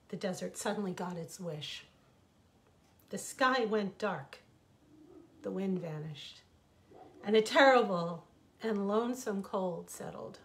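A woman author reads her own fable aloud at an unhurried pace. Her telling is expressive and reflective, like a storybook reading. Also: medium pitch.

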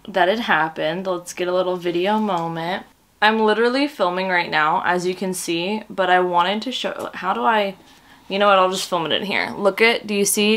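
A young woman, a book vlogger and teacher, chatting excitedly and gushing as she unboxes book mail. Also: medium pitch. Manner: gushing, excitable, swearing with joy. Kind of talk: casual vlog chat while unboxing.

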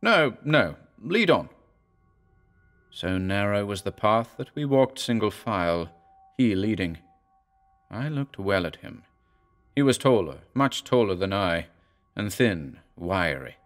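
A man narrating a horror story in a measured, dramatic way. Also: lowish voice, expressive, soft background music. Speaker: audiobook narrator.

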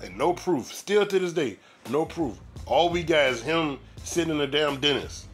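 A man's voice: medium pitch, fairly bright tone. A man giving casual commentary on a clip in a blunt, profane and incredulous way.

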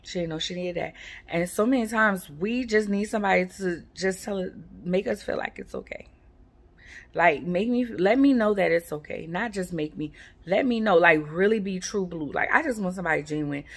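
A woman, chatting casually to her viewers in a rambling, relaxed way with lots of fillers. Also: medium pitch, moderate pace. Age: 40s. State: sleepy, yawning. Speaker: vlogger. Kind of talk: casual chat to camera.

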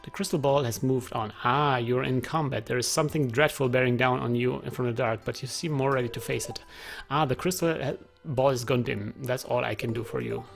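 A man voicing a mystical female fortune teller in a put-on accent, reading the future slowly and solemnly. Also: medium pitch, steady tone, creaky, faint music behind, close to an everyday voice. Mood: mysterious.

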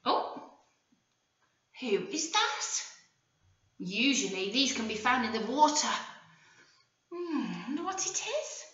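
Animated English teacher, high lively voice. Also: female voice, a little hiss or hum. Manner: animated, sing-song, slow and clear with frequent gasps. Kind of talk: phonics lesson for young children. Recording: echoey room, voice from a distance, dull sound.

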